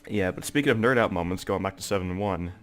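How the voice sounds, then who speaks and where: A man's voice: low-pitched, fast. A young man with a congested, stuffy voice, rambling in casual gameplay commentary with lots of "like" and "um" fillers. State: congested, sore throat. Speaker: gaming video creator.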